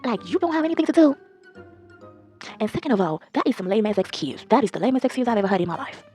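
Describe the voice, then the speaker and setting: A young woman telling a storytime to her viewers in a blunt, profane, animated gossiping way. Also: fairly high pitch, quick pace, husky, soft background music. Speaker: storytime vlogger. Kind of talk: casual storytime chat.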